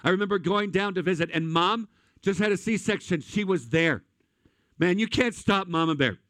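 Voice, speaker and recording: A man's voice: high-pitched, moderate pace, fairly bright tone, dry recording, studio quality. A man preaching a sermon, telling a personal story with rising emotion and speaking directly to his listeners as friends. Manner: emotional storytelling, addresses audience as guys and friends. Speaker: pastor.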